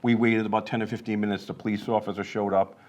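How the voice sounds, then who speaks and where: Low-voiced man. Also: flat delivery, fast, a little mellow. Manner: conversational, storytelling with asides. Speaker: podcast host, real estate agent. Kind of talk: casual podcast chat.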